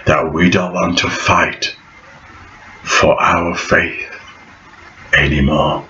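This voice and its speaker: A man's voice: low voice, fairly even intonation, takes it slowly, bright, forceful tone, a little hiss or hum. A man vlogging in a preachy, prophetic monologue, repeating phrases for emphasis. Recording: echoey room, dull lo-fi sound.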